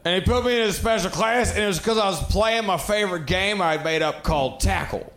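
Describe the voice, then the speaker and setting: A man doing a stand-up comedy set, animated and self-deprecating, bantering with the crowd. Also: high voice, brisk, slight background noise. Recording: roomy club recording with a crowd.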